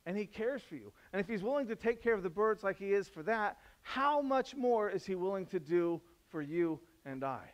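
A man preaching a sermon in a conversational way, climbing to loud, emphatic peaks and dropping to soft, low passages. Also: lively intonation, normal speed, few pauses. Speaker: pastor.

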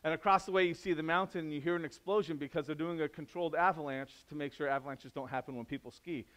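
A man with a slightly higher voice preaches a sermon in a conversational, story-telling way. He climbs to loud, emphatic peaks and then drops to soft, low passages. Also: steady tone, quick pace. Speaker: pastor.

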